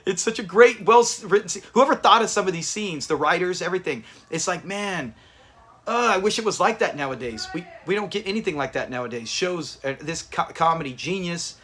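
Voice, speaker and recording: A man's voice: high voice, animated, a little fast, fairly bright tone. A man hosting a live watch party, chatting casually with viewers and thanking them by name. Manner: chatty, reads out viewer names, restarts often.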